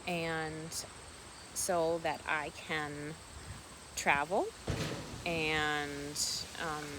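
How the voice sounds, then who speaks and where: A woman vlogging casually outdoors on a farm, talking softly and rambling fondly about her pet ducks. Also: low voice, little pitch movement, drawn-out words, noisy background. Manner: soft-spoken, meandering, affectionate toward her pets. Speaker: vlogger and duck keeper. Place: outdoors on a rural farm by water.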